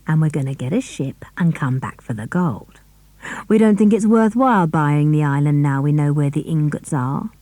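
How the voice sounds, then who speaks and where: Woman reading cold threatening villain man, commanding, mellow, dry audiobook sound, lively delivery. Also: sits low, moderate pace, no room sound, natural voice. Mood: cold menace.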